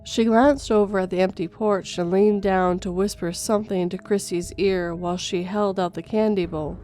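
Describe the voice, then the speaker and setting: A woman reading a first-person horror story in a steady storytelling voice, going gentle for a mother's lines. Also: medium pitch, moderate pace. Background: faint music.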